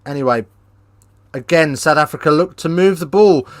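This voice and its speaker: A man hosting a live rugby watchalong, chatting casually with viewers and breaking into excited play-by-play. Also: a little high, normal speed, no room sound. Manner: casual, banters with live chat, lifts into excited play-by-play on tries. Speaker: watchalong host. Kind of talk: live watchalong commentary and chat.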